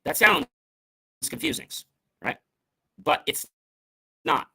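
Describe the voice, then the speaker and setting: A middle-aged man hosts a motivational talk show in a gravelly, pushed, bright voice with a breathy edge, his pitch swooping wildly at a slow pace. He's emphatic, shifting stress and tone to demonstrate meaning, and closes with a salesy, upbeat sign-off pitch.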